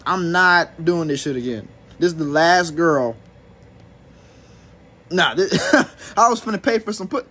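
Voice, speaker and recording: Young man, husky high voice, profane rambling rant, storytime vlog. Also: a bit bright. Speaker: vlogger.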